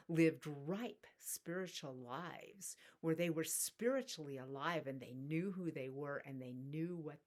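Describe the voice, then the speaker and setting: A middle-aged woman telling a personal story in a soft-spoken, reflective spiritual talk. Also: sits low. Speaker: spiritual teacher.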